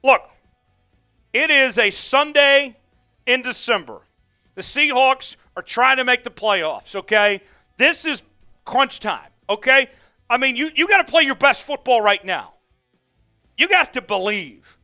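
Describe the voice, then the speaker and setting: A man's voice: very high voice, animated, measured pace, bright, forceful tone, soft background music. A man hosting a live sports watch-along stream, fired up, calling the plays and reading out viewer comments. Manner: amped, hyped, calls plays and reads chat. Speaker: host.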